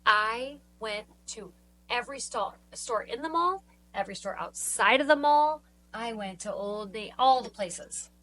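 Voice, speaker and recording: A middle-aged woman with a bright, sharp voice chats on a podcast. She tells stories with emphasis, and a faint hum sits in the background. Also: on the high side, animated, measured pace, rough recording. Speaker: podcast co-host. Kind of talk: casual chat.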